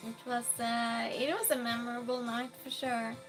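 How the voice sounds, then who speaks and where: A woman streamer chatting casually with her viewers, reading out their comments, laughing often and calling out loud greetings. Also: a little high, level tone, normal speed, over music.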